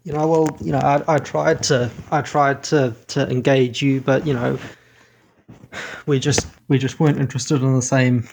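A young man playing his own father in a role play, hesitant and deflecting, halting often. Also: medium pitch, fairly even intonation, creaky, darkish tone, a little hiss or hum, natural voice. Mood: evasive. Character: caller's evasive middle-aged father, defensive.

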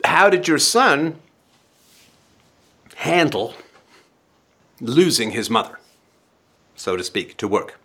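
A man hosting a call-in advice show, talking in an animated, dramatic way and acting out scenes to make his point. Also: medium pitch, takes it slowly, pauses often, slightly rough. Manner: animated, dramatic, acts out scenarios.

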